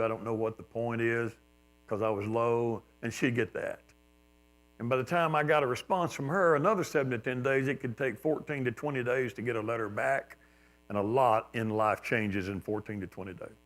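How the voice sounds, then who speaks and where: An older man preaching a sermon, telling folksy personal stories and acting out quotes, at times much louder. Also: medium pitch. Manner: folksy storytelling, acts out quotes with shifts in loudness. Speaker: pastor. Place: church sanctuary.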